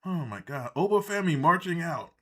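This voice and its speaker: A man riffs through a live reaction stream in loose, profane commentary. His tone is sarcastic and exasperated throughout. His voice sits slightly high for a man. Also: animated, normal speed, pushed and bright. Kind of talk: casual ranting commentary.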